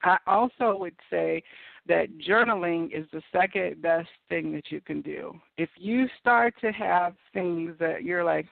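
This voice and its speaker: A woman's voice: fairly low pitch, unhurried, creaky, no room sound. A woman hosting an internet radio show, chatting casually and laughing at her own stories. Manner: chatty, laughing, self-deprecating. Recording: tinny phone-line audio.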